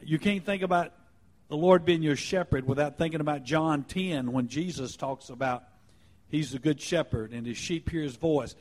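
A man with a slightly raised voice preaches to his congregation in an earnest teaching tone. He slows down to stress key words, repeating a phrase with deliberate emphasis. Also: a little high, a little mellow. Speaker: pastor. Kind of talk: sermon.

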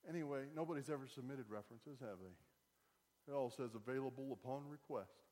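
A man's voice: mid-range voice, a little fast, a little mellow. A man preaching a sermon as pastor, conversational and wry, rising to emphatic bursts. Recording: long hall reverb.

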